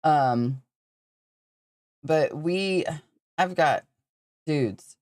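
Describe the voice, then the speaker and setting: Woman, Southern accent, podcast host, low pitch, slow pace, rambling and profane. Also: expressive, no echo, studio quality. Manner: rambling, swears freely, laughs often. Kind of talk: casual livestream chat.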